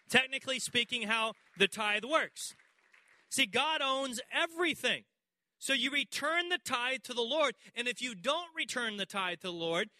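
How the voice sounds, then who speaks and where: A male pastor delivers a sermon, telling stories and acting out dialogue with people in the congregation. His voice sits high and rings very bright and sharp. The sound is close and dry. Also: no echo. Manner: animated storytelling, acting out dialogue with congregation members. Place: church.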